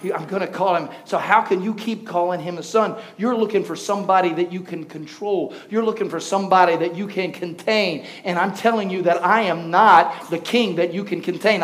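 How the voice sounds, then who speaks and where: High-voiced man preaching a lively sermon. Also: fairly quick, few pauses. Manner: energetic, builds to loud passionate preaching, jokes with congregation. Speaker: pastor.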